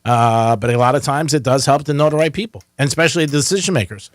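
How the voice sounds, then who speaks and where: Fast-talking joking male radio host. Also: mid-range voice, dry recording, clean studio sound. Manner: joking, teasing callers. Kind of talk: casual radio chat. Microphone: studio mic.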